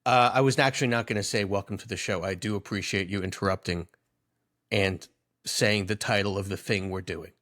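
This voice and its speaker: A man's voice: fairly low pitch, steady tone, fairly quick, a bit bright. A young man co-hosting a podcast in casual comedic chat, teasing his friend and rambling into jokey asides. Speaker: podcast co-host.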